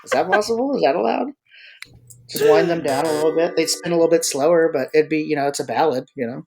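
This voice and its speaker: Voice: medium pitch, fast talker, gravelly, a little mellow, slight background noise. A podcast host and freelance choreographer chatting casually, rambling and joking with many restarts. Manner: rambling, self-interrupting, joking. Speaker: freelance marching arts choreographer. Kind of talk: casual live podcast chat.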